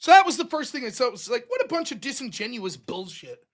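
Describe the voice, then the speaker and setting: A man hosting a live-streamed show, ranting through profane, mocking political commentary that swings from shouting to muttering. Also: extremely high pitch, sing-song, fast talker.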